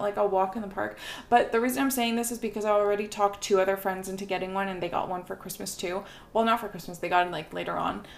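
Chatty young woman with a gravelly edge. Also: medium pitch, a little hiss or hum. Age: young adult. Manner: chatty, self-deprecating, lots of "like" and "um". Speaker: podcast host. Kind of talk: casual solo podcast chat.

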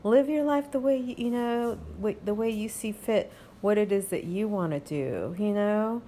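At home, a woman hosts a podcast in a casual, rambling monologue full of fillers and reassuring "okay?" asides. Her voice sits in the mid-range with a dark tone and normal pacing, carrying a slight hiss or hum.

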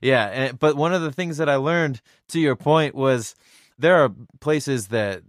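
A man hosting a podcast rambles casually with many fillers and frequent laughs. His voice is mid-pitched and recorded dry and close, with no room sound. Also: unhurried, no room sound. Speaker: podcast host. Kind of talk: casual interview chat.

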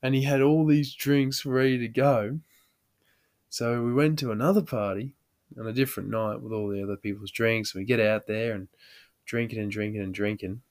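An Australian man hosts a podcast and tells a yarn casually, laughing often and swearing as he goes. His voice sits in a middle pitch. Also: steady tone, normal speed, darkish tone. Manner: laughs often while telling, swears freely. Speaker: podcast host. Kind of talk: casual storytelling.

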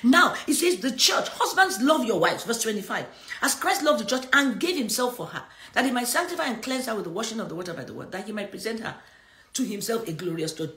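A middle-aged woman delivers a sermon, her fairly high voice rising and falling in wide, lively swings as she drives her points home. She reads scripture aloud and slips in laughs between her lines. The sound carries a noticeable echo from the room. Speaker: preacher hosting a livestream. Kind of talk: sermon teaching with scripture reading.

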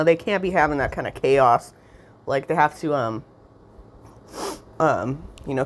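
Young woman, low-ish voice, casual profane storytime rant, rambling and sarcastic. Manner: swears constantly, rambling, sarcastic, mocking impressions.

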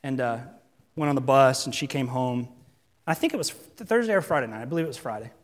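A man's voice: mid-range voice, quick pace. A man in his thirties preaching a sermon in a church, earnest and conversational, full of rhetorical questions. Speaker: pastor. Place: church sanctuary. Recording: long reverb in a large hall.

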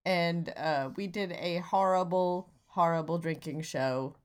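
A woman co-hosting a comedy podcast in casual chat, dry and halting, full of restarts. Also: lowish voice, smooth. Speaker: podcast co-host.

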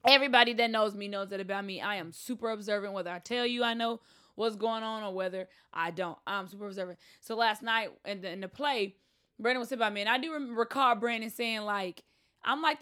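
A woman's voice: a little high, fairly quick, a bit bright, smooth. Bubbly, talkative woman co-host. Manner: bubbly, talkative, laughs often. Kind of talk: casual chat.

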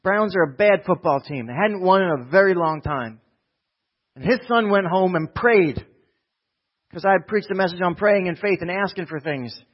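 A male pastor from New Jersey giving a conversational sermon that swings from quiet asides to loud exhortation. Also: sits high, lively intonation, brisk, hardly any pauses, lo-fi sound.

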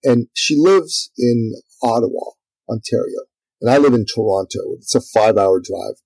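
Male business coach guest, energetic storyteller, husky voice. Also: medium pitch, normal speed, no echo, low-quality recording. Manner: energetic, lively storyteller, acts out quotes. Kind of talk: storytelling in a conversational interview.

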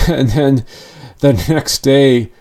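A man's voice: medium pitch, a little mellow. A man speaking candidly in a personal monologue, earnest and rambling, often restarting his sentences.

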